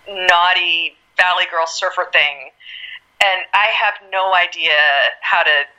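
Lively woman telling a laughing anecdote. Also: on the low side, highs cut off. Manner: laughs often, animated, acts out quotes. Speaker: actress guest. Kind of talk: casual anecdotal storytelling.

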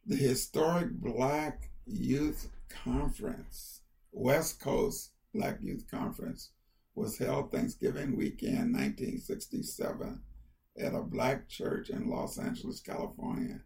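Lively older man telling stories. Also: mid-range voice, slow pace, gravelly. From United States. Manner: animated, lively storyteller who acts out family quotes. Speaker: interviewee, county councilmember. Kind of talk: conversational storytelling.

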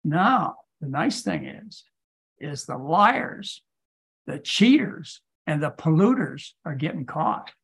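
A man's voice: on the high side, sing-song, takes it slowly, gravelly, a bit bright, husky. Emphatic male doctor firing rhetorical questions. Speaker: physician. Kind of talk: lecture-style answers in a podcast Q&A.

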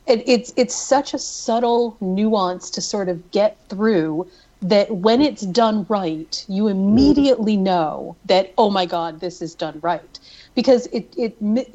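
A woman's voice: mid-range voice, darkish tone, dull audio. A woman co-hosting a casual chat, thoughtful and admiring, repeating words as she thinks. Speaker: podcast co-host.

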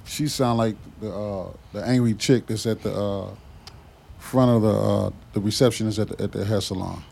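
A man's voice: on the low side, steady tone, normal speed, gravelly, darkish tone, slightly rough. A man in a casual podcast chat who rambles with fillers and teases the others.

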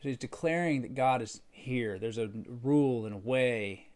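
A middle-aged man preaching a sermon as a pastor, conversational in tone, who builds to loud, emphatic peaks and then drops back low and quiet. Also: moderate pace, clean tone.

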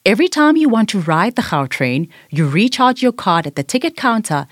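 A woman voicing a patient big sister who explains things to her little brother in a gently bossy way. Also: mid-range voice, big pitch swings, a little fast, no echo, studio quality. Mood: explaining.

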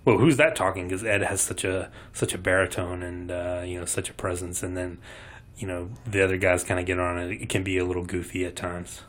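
A man co-hosting a podcast in relaxed, conversational chat. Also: low-pitched, brisk. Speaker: podcast co-host. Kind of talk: casual chat.

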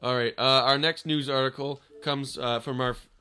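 A man's voice: medium pitch, steady tone, moderate pace, bright, forceful tone, smooth. A man co-hosting a casual comedy podcast, reading out news items and teasing his friends with mock insults. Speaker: podcast co-host.

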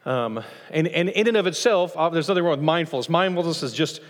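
A man preaching a sermon as pastor of a church, lively, acting out voices from the passage as he teaches. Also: a little fast. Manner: animated, acts out quoted voices with rising pitch. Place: church sanctuary. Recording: long church reverb.

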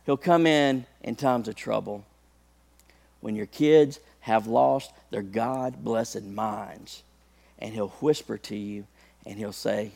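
A man's voice: fairly low pitch, takes it slowly, creaky, darkish tone. A male preacher delivering a sermon, talking conversationally to the congregation and building to impassioned peaks.

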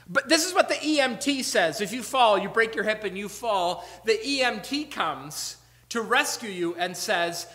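A man preaching a sermon with earnest emphasis, asking rhetorical questions and dropping to quiet asides. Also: high-pitched, animated, normal speed, in a large hall. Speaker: pastor. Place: church sanctuary.

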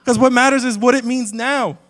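High-voiced animated preacher in a reverberant hall. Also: male voice, a little fast. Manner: animated, swings from loud exclamations to quiet asides. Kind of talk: humorous sermon. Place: church sanctuary with a live congregation. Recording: long hall reverb from a church sanctuary.

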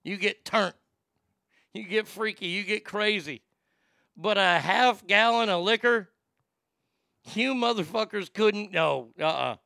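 A male talk show host rants sarcastically, swearing freely as he mocks the news. His voice is bright and gravelly yet smooth, recorded dry and close. He sits a little higher than most men. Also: measured pace, pauses often, no room sound. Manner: profane, sarcastic ranting. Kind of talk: comedic talk show rant.

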